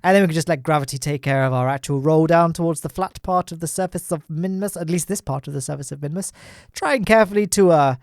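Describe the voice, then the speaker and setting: A man's voice: a little high, quick pace, no room sound, clean studio sound. A man giving jokey, self-deprecating commentary over gameplay footage, chuckling often. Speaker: gaming YouTuber.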